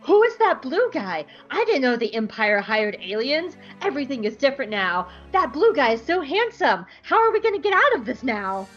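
A woman voicing an excitable teenage boy hero who gushes breathlessly. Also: high-pitched, normal speed, hardly any pauses, muffled recording, faint music behind, voice pushed up. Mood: gushing.

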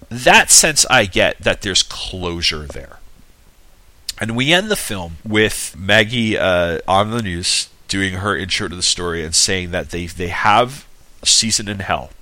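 A man's voice: low-pitched, measured pace, no echo. A man giving a casual, rambling film recap with many restarts and asides. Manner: animated retelling with acted-out quotes. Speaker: film reviewer.

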